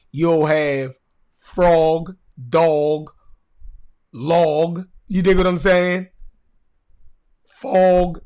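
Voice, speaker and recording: A man with a Baltimore accent hosting a podcast, talking casually and bluntly to his live chat, cursing and repeating himself for emphasis. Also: high-pitched. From Baltimore, USA. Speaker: podcast host. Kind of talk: casual livestream talk to a chat.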